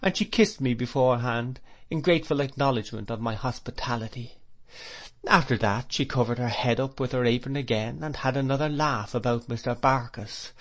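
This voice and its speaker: A man narrating a classic novel as an audiobook reader, in a gentle, reflective manner. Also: medium pitch, moderate pace.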